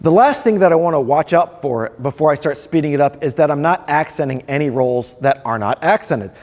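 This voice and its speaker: A man's voice: a little high, lively intonation, a little fast, a little mellow, big-room sound. A man, a percussion professor, explaining snare drum rolls step by step in a friendly instructional video.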